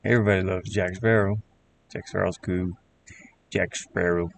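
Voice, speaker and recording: A man with a Southern accent chatting casually on a live stream while he builds a game, rambling in halting, self-correcting bits. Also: sits low, fairly even intonation, vocal fry, slight background noise. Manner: rambling, halting, restarts words.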